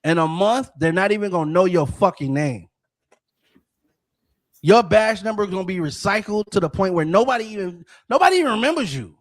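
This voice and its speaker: A man's voice: high voice, lively intonation, fairly quick. A man hosting a podcast, ranting in a heated, profane way and often restarting his sentences. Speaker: podcast host. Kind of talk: casual podcast rant.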